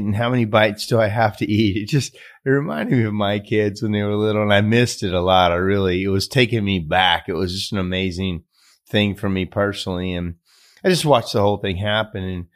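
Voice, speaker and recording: A low-voiced man hosting his own podcast and telling a personal story. He speaks in an earnest, rambling way, full of fillers and restarts. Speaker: podcast host. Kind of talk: casual storytelling monologue.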